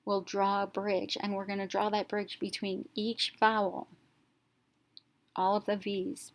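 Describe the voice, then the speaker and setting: A woman teacher narrating a reading lesson, explaining each step slowly and clearly in an instructional voice-over. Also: mid-range voice, level tone.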